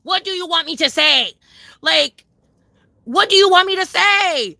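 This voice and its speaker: A woman's voice: very high voice, expressive, measured pace, creaky, sharp tone, no room sound. A young woman chatting casually with her viewers on a livestream, profane, emphatic and sassy, repeating her points.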